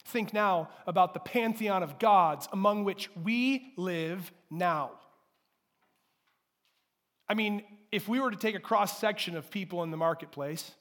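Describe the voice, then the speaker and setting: High-voiced pastor preaching. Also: male voice. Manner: emphatic preaching, rising to loud declarations and dropping to soft asides; calls the congregation to repeat after him. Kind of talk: sermon. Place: church sanctuary before a congregation.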